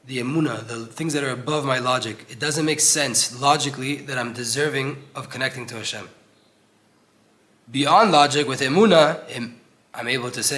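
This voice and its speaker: A man's voice: medium pitch, normal speed, bright, forceful tone. A young man teaching an informal Torah class in an old synagogue, earnest and conversational, acting out voices when he quotes people.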